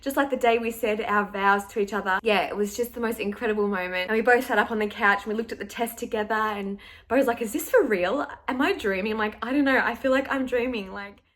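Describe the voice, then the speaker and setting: Chatty young woman vlogger, slightly high. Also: quick pace, hardly any pauses, a bit bright. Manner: chatty, emotional, lots of "like". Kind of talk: casual storytelling to camera.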